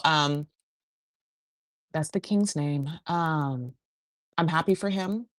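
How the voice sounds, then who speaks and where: A woman's voice: fairly low pitch, no room sound. A woman hosting a podcast, recapping a reality show in a chatty, gossipy way full of fillers. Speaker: podcast host.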